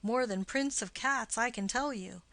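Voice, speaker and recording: A woman's voice: on the high side, a bit bright, no echo. A woman reading the part of a witty, mocking young nobleman in an audiobook of a play. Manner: quick, punning banter.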